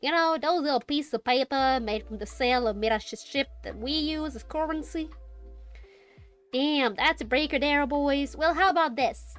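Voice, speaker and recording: A woman's voice: high voice, normal speed, a bit bright, soft background music. A woman voicing a male spider-like merchant creature with an Australian accent and folksy sales patter. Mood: wheedling.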